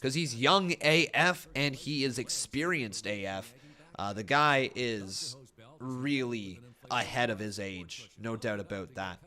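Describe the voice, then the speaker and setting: Man, casual live-stream chat, reads comments aloud, rambling, laughs a lot, bright tone. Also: medium pitch. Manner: joking, laughs often. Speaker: streamer reacting to wrestling.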